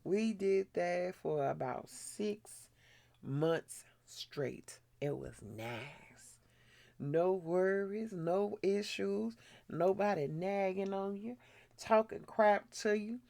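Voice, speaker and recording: A woman's voice: medium pitch, lively intonation, drawn-out words, vocal fry, darkish tone. A middle-aged woman hosting her own channel, telling a frank, blunt story in casual chat while doing her skincare. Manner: frank, blunt, laughs often. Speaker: vlogger host.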